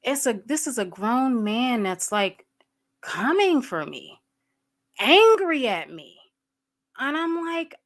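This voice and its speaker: A woman's voice: a little high, big pitch swings, slow, pauses often. A woman hosting a livestream, talking candidly to her viewers and greeting people in the chat as they arrive. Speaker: livestream host.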